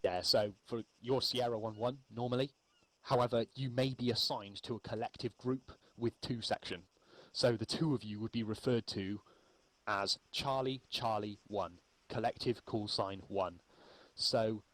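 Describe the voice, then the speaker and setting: A man explaining radio procedure in a relaxed, rambling spoken lesson, with frequent ums. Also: medium pitch, normal speed, low-quality recording. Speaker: milsim infantry instructor.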